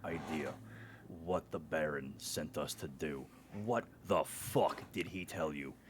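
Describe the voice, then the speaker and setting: A man voicing a furious, gruff male warrior who swears and threatens. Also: rumbling low, a little slow, noisy background. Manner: swearing, menacing.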